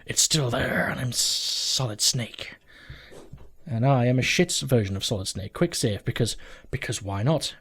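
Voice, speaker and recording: A man's voice: medium pitch, expressive, a little slow, a bit bright, breathy edge. A man hosting a let's play from home, rambling through game commentary, joking and swearing casually as he goes.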